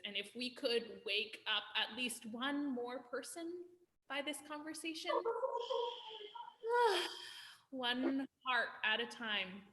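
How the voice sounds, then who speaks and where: A woman's voice: sits high, big pitch swings, slow pace, pauses often. A woman host giving emotional, effusive thanks to her guests. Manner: emotional, effusive, soft-spoken. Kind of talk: heartfelt closing remarks.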